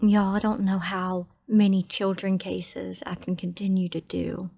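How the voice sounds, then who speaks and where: Lady true crime host, soft and emotional, mellow voice. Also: mid-range voice, level tone, a little slow, vocal fry. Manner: soft-spoken, emotional, heartfelt. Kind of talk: casual outro to viewers.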